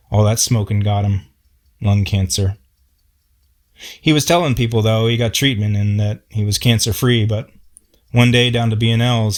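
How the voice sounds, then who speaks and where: Plainspoken male storyteller with a somewhat low voice and folksy delivery. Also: a little mellow. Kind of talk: personal storytelling.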